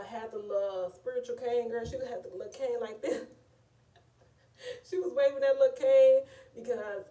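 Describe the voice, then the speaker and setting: A woman's voice: mid-range voice, far from the mic. A woman casually recapping a reality TV episode in a chatty, gossipy way. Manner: chatty, animated, often says "girl" and "like". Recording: echoey room, voice away from mic.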